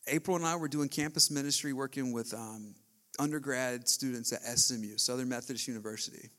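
A man in his thirties preaching a sermon as a pastor, telling a story in an animated, casual way with slang. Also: medium pitch, fairly quick.

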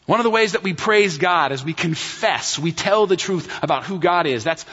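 A male pastor delivers a sermon in a high, lively voice, pressing his point with rhetorical questions. His tone is bright and a little husky, carried on a dull recording with a long hall reverb. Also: normal speed.

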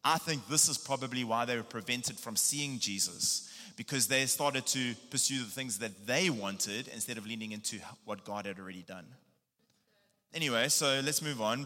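A man preaching a casual sermon, retelling a Bible story in a lively, animated way with slang. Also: medium pitch, normal speed, in a large hall. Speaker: pastor.

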